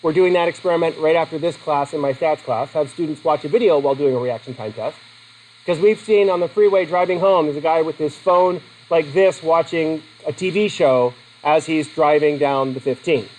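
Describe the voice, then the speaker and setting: A middle-aged man with a fairly high voice lectures a classroom, joking and chatting as he quizzes his students. A faint hiss of background noise sits under the recording. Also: moderate pace, a little mellow, poor audio. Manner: joking, conversational, asks the class questions. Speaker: teacher.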